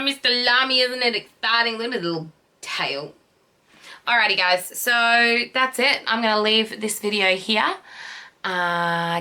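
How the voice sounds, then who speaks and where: A woman's voice: mid-range voice, pushed and bright. A young woman vlogging casually at home, chatty and affectionate, cooing at her dogs as she talks to the camera. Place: home, indoors. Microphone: camera resting on the bed.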